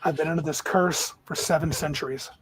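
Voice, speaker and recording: A man's voice: fairly high pitch, steady tone, fairly quick, a little hiss or hum, close to an everyday voice, low-quality recording. A man voicing an ancient male elf mage who speaks in a solemn, grateful, formal way with sighs.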